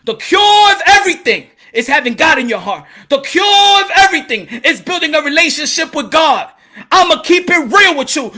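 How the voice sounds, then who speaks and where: Speaking at a normal pace in a very high, sing-song voice, this man runs a boxing channel and addresses the camera with impassioned, sermon-like fervor. His language is blunt street slang, and he often shouts.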